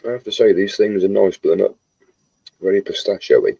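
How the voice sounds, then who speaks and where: A man's voice: on the low side, brisk, gravelly, dark tone, slightly rough, dry recording. A man from England chatting casually and telling jokey stories with friends. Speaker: co-host. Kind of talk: casual chat. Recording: dull, lo-fi sound.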